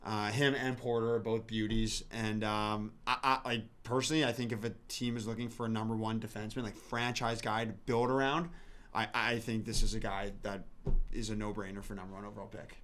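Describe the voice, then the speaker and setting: A man's voice: fairly low pitch, little pitch movement, fairly quick, a bit bright, slight background noise. A man co-hosting a podcast, chatting casually and enthusiastically, often restarting his sentences. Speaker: podcast co-host. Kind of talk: casual hockey podcast chat.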